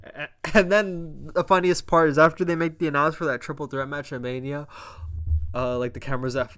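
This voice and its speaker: Excitable, fast-talking man reviewing wrestling. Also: on the high side, clean tone. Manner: breaks into loud exasperated outbursts. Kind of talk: casual recap and commentary.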